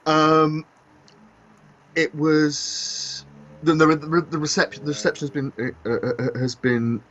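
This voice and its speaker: A man co-hosting a podcast discussion, talking in a halting way with many fillers and restarts. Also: a little high, flat delivery, fairly bright tone. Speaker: podcast co-host. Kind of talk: casual discussion. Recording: dull lo-fi podcast audio.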